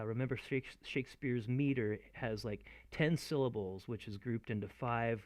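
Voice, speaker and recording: A man teaching in a chatty, animated way, often laughing as he explains. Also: mid-range voice, moderate pace, few pauses, no room sound. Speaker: acting teacher. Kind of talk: video lesson.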